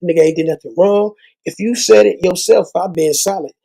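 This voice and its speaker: Man, channel host, fired-up profane rant with rhymes; gravelly, husky, high for a man. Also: a little fast, dark tone, low-quality recording. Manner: heated, profane, rhyming asides. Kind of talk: ranting monologue to viewers.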